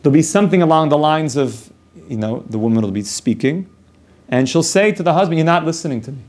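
A man's voice: on the high side, expressive, a little fast, a little mellow. A man who is a rabbi teaching an informal Torah class. He explains ideas through long worked examples and often restarts his sentences.

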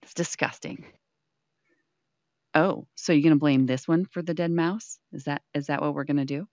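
A woman's voice: sits low, steady tone, normal speed, darkish tone, dry recording, muffled recording. A woman hosting a casual VR chat show, teasing her guests with theatrical mock outrage and cooing baby talk. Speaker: show host. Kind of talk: playful improvised VR chat banter.

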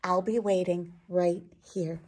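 A woman's voice: on the low side, fairly even intonation, slow, a little mellow. A woman voicing an earnest young boy in a picture book read-aloud, sincere and wistful.

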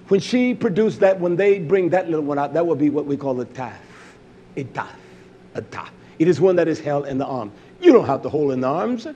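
A man preaching a sermon, shifting from loud emphatic exhortation to low intense delivery. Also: muffled recording, slight background noise.

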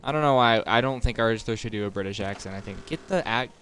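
A man's voice: fairly low pitch, fast, music in the background. A young man casually chatting and rambling to himself as he plays a video game, as a gaming streamer. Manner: chatty, rambling, self-talking while playing. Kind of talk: casual let's-play commentary.

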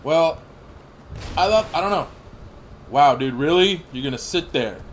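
A man in his thirties rambles through live gameplay commentary, swearing freely and bursting into excited yells. His voice sits a little high for a man. A faint hiss of noise runs under the recording. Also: unhurried. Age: 30s. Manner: rambling, profane, excitable outbursts. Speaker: gaming channel host.

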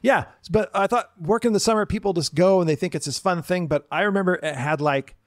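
A man's voice: high voice, fast, dry recording, clean studio sound. A man co-hosting a podcast, telling stories in a casual chat and acting out the people he quotes. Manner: storytelling, acts out quoted people in lively voices. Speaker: podcast co-host.

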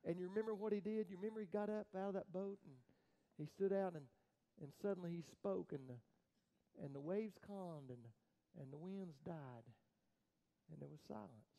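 A man with a high voice for his sex preaches a sermon as pastor. He tells the story dramatically, stumbling into repeated restarts, and his voice rises to loud cries before dropping to near-whispers. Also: moderate pace, gravelly, poor audio.

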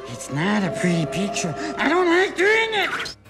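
A man's voice: high voice, wildly swooping pitch, measured pace, over loud music, heavily acted. An actor playing a male genie turned into a creepy zombie-like being, speaking in a sinister, creeping way.

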